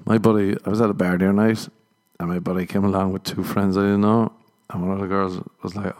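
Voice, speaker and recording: A man with a fairly low voice talks straight to his listeners in a casual podcast monologue. He is a comedian, and he swears freely and chuckles at his own punchlines. He slips into other people's voices as he acts out his stories. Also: flat delivery, fast, a little mellow. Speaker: stand-up comedian and podcast host.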